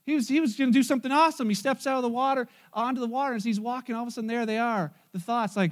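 A male pastor preaching a sermon, telling the story in a lively, joking way and acting out the characters. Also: very high voice, rapid-fire, few pauses.

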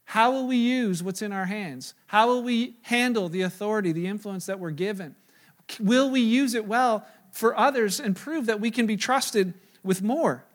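A middle-aged man preaching a sermon, telling a personal story with animated, self-mocking delivery and acting out his own quoted lines. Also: high voice. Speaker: pastor.

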